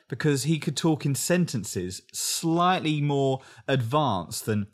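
Young English male co-host, casual and animated, swinging pitch. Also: slow pace. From England. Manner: animated, acts out others' lines in mock voices. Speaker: podcast co-host. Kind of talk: casual chat recapping a reality show.

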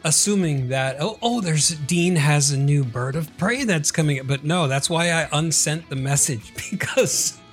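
A man co-hosts a casual podcast in a fairly high voice. He is chatty and quick to laugh along with his co-host. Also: lively intonation, soft background music. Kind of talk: casual chat.

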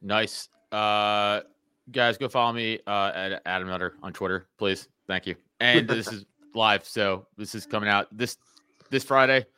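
A man hosting a podcast chat, a comedian who tells stories in a profane, animated way. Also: lowish voice, a little slow, clean tone, no echo. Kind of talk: casual chat.

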